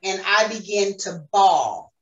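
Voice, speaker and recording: A woman's voice: mid-range voice, big pitch swings, slow, dull audio. A woman giving an earnest, emotional personal faith testimony as a podcast guest. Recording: roomy echo, distant mic.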